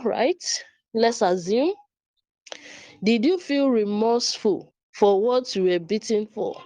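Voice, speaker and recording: A woman gives parenting advice in an earnest, casual way. Her voice sits fairly high and she takes her time. She is recorded close and dry, with no room sound around her. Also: dry recording. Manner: earnest, frequent laughs, restarts and repeats words. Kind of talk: casual talk to camera.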